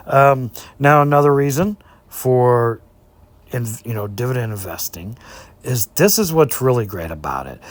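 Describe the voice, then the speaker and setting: A man's voice: mid-range voice, dry recording. A man hosting a finance channel, giving casual commentary over stock charts in an indignant way and asking rhetorical questions.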